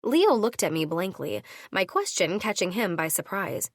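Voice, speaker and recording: A woman reading a first-person audiobook, voicing each character with her own shifts in pitch. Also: sing-song, normal speed, no echo, studio quality. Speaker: audiobook narrator.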